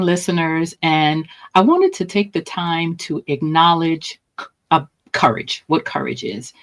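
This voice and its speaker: A woman hosting a grief-support podcast, opening in a measured, gentle way. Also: deep voice, rough recording. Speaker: podcast host.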